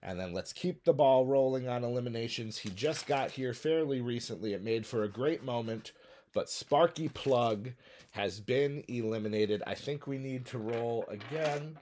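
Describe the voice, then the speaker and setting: A man's voice: mid-range voice, moderate pace, a little mellow, a little hiss or hum. A man hosting and narrating a simulated wrestling battle royal in a playful, jokey way, sometimes humming entrance music. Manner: playful, jokey, breaks into sung hums and mock announcer bits. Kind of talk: solo play-by-play commentary.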